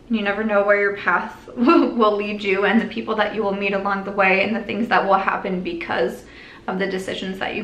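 A young woman talks through her makeup routine in an easy, rambling vlog style, circling back and restarting as she goes. Her voice sits at a middle pitch and the room around her rings with echo. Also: a bit bright. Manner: rambling, lots of "like" and restarts, earnest. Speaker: beauty vlogger. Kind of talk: chatty get-ready-with-me vlog. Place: at home doing makeup. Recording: echoey room.

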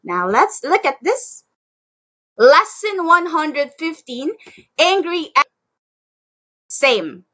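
A woman's voice: high-pitched, sing-song, takes it slowly, pauses often, bright, forceful tone. A woman teaching a one-on-one English lesson over a video call, drilling words for the student to repeat and praising each answer. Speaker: online English tutor. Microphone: headset or computer mic on a video call.

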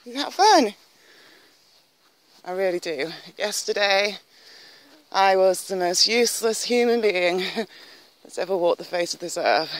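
A woman's voice: lowish voice, measured pace, no room sound. A woman from northern England talking casually to her own camera on a countryside walk. She rambles and laughs often. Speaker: vlogger. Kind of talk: casual walking vlog. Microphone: handheld camera filming herself.

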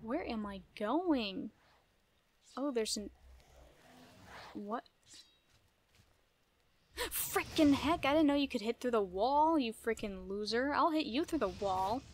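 A woman giving casual gameplay commentary, playful and easily startled, laughing often and yelling at enemies. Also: a little high, animated, takes it slowly, long pauses, slight background noise. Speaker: gaming video creator.

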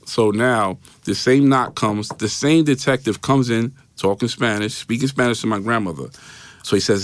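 Recorded dry on a studio mic in a podcast studio, a man with a New York accent speaks at normal speed in a steady, lowish voice. He is an interview guest recounting a personal story, loosely and repetitively, mimicking others' voices and repeating "right?".

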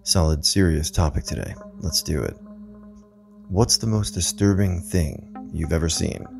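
A man narrating stories in an even, measured scripted read, with faint music behind him. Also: low-pitched, gravelly. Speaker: narrator reading online stories.

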